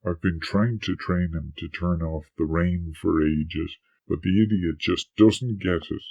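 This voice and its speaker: A man voicing a haughty male house cat who scorns humans, in a husky, sneering, contemptuous tone. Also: low voice, fairly even intonation, unhurried, highs cut off, pitched below the performer's own voice, exaggerated voice. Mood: scornful. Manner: sneering, contemptuous inner monologue.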